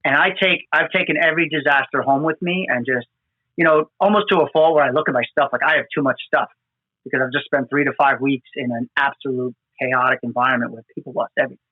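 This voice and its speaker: A man's voice: mid-range voice, fast talker, no echo. A man, a firefighter hosting a podcast, telling field stories earnestly with many fillers. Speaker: podcast host, FDNY firefighter. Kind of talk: conversational storytelling. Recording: dry, phone-like remote audio.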